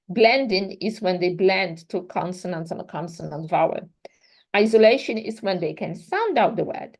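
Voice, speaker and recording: A woman's voice: medium pitch, darkish tone, low-quality recording. A young adult woman gives a lecture to teachers and works through one example after another. She explains step by step and keeps checking in with her listeners as she moves through her slides. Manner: explains step by step with examples, often asks "right?". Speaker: teacher trainer.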